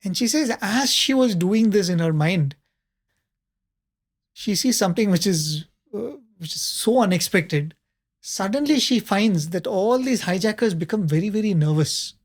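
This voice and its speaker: A man, a panelist telling a spiritual story in a conversational way, often pausing with fillers and soft laughs. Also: sits high, animated.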